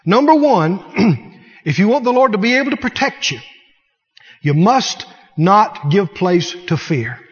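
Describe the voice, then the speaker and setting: High-pitched preacher guy, animated sermon, long echoey church hall, kinda muffled. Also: a little slow, breathy edge. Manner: animated, mocking voices, laughing at the devil. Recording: dull sound with long hall reverb.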